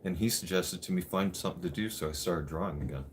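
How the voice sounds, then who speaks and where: A man's voice: sits low, fast, a little hiss or hum. A man in his thirties telling a personal story on his channel, candid and blunt, swearing freely.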